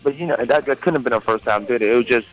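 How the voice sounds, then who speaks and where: A man co-hosting a sports talk radio show, speaking haltingly with many pauses and fillers. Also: mid-range voice, soft background music, low-quality recording. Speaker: co-host.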